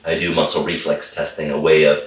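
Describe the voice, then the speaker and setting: A man's voice: extremely low pitch, completely flat delivery, brisk, reverberant, far from the mic. A middle-aged man, a holistic chiropractor and guest, telling a story with enthusiasm and repeating phrases for emphasis. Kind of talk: animated storytelling in a conversation.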